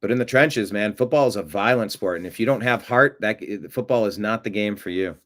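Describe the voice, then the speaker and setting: A man's voice: lowish voice, brisk. A man hosting a live stream, chatting casually and reading viewer comments with rambling, jokey asides. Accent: American. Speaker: show host.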